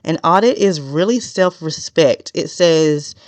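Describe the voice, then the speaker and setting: A woman with a low, darkish voice hosts a solo podcast, addressing her listeners directly and without nonsense. Her natural delivery is fast, but she deliberately slows it down, and the recording has no echo.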